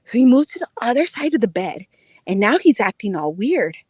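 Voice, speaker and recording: A young adult woman on a podcast, telling a dating story in a casual, animated, profane way, often breaking into laughter. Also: on the high side, a little fast, slightly rough, no echo. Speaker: podcast co-host, dating correspondent.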